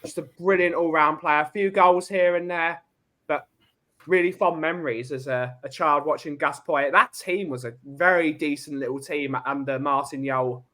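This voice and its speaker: Young guy on a podcast, bright tense voice, reminiscing fondly. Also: a little high, fairly even intonation, moderate pace. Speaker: podcast guest. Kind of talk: casual chat.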